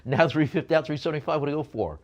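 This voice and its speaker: A man's voice: fairly high pitch, animated, rapid-fire, lo-fi sound. A man working as an auctioneer, calling out bids at a live auction and slipping in jokey asides between lots.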